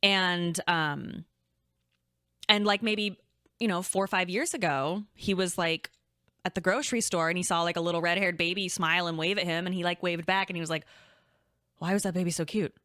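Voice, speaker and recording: A woman's voice: lowish voice, steady tone, moderate pace, sharp tone, dry recording, studio quality. A young woman co-hosting a podcast, telling a story casually and rambling, full of "like" and restarts. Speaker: podcast co-host.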